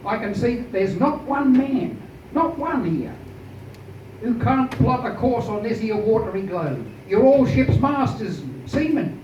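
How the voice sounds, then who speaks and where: A man's voice: extremely high pitch, animated, measured pace, a little mellow, pitched above the performer's own voice. A man voicing a portly, scheming colonial shipping man who talks in a showy, coaxing way. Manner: showy, coaxing, slyly persuasive. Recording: echoey, distant, dull noisy room recording.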